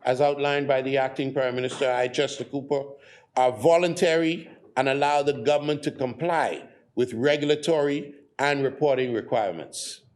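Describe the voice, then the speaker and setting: A man with a Bahamian accent giving a formal parliamentary speech, measured and methodical as he lists points. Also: mid-range voice, a little mellow. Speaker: member of parliament.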